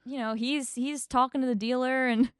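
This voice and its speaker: Brief: bright high-pitched woman, chatty co-host, laughs through stories. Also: steady tone, smooth, dry recording, clean studio sound. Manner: quick, laughing storyteller. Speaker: podcast co-host. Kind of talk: casual chat.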